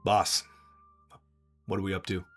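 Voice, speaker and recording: A man voicing a blunt, vain, pipe-smoking sellsword in a tabletop game, speaking in a gruff, dry way. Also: low voice, little pitch movement, unhurried, fairly bright tone, soft background music.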